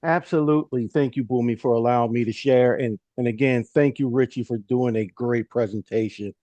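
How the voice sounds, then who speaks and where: Polite man on a video call, mellow voice, dull lo-fi sound. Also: medium pitch, fairly quick, no room sound. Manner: polite, thankful. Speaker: guest giving a testimony. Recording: dull, dry lo-fi audio.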